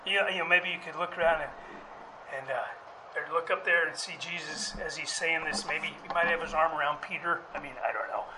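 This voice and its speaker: A man's voice: a little high, brisk, noisy background. A male pastor preaching a sermon in a conversational way, with fillers and restarts, rising to emphatic calls.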